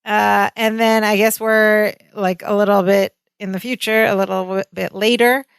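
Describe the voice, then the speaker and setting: A woman's voice: mid-range voice, level tone, moderate pace, creaky, clear, resonant tone, no echo. A woman co-hosting a podcast, chatting casually and finishing her co-host's sentences as they retell sitcom scenes. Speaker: podcast co-host. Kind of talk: casual chat recapping a sitcom.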